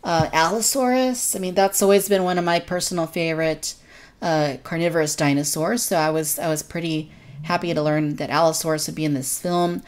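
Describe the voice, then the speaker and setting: A woman's voice: sits low, fairly even intonation, fairly quick. A woman co-hosting a casual podcast discussion, reviewing in an earnest, detailed way. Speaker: podcast co-host.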